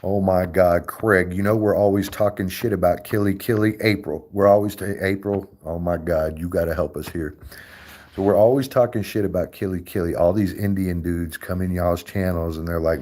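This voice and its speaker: A low-voiced man chatting on his livestream into a desk mic. He swears freely, gets animated and keeps laughing at his own stories. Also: moderate pace. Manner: profane, animated, laughs often. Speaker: streamer host. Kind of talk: casual livestream chat.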